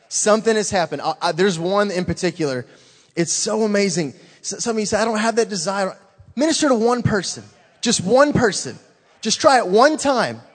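A man with a fairly high voice gives an earnest, excited church testimony, urging listeners on in loose, casual talk. His words ring out with a long reverb, as if he stands in a large hall. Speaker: church youth worker giving a testimony. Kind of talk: informal testimony to a congregation.

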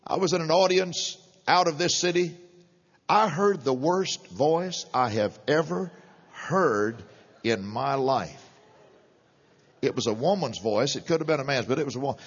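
A middle-aged man preaching a sermon, animated and chuckling between points. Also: on the high side, unhurried, slightly rough, big-room sound. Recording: dull lo-fi sermon recording.

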